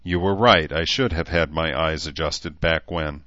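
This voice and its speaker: A man voicing a steady middle-aged leader who speaks calmly and plainly. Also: a bass voice, measured pace, no room sound, muffled recording. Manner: calm, businesslike.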